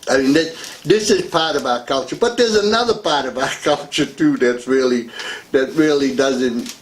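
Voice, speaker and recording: A man's voice: mid-range voice, normal speed, slight background noise. A man hosting a talk radio show, rambling through a casual monologue and laughing between remarks. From United States. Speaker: radio host.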